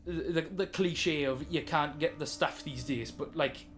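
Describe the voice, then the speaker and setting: A man voicing a brash, foul-mouthed male adventurer who speaks loudly and bluntly. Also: a little high, measured pace, soft background music, lightly acted. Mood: exasperated. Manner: loud, swearing, blunt.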